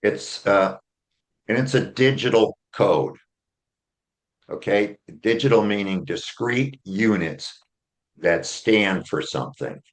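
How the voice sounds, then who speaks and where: Deep-voiced guy on a podcast walking thru his argument, keeps saying okay?. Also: slow pace. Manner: earnest, builds a case step by step with "okay?" check-ins. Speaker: author and attorney guest. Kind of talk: explanatory interview talk.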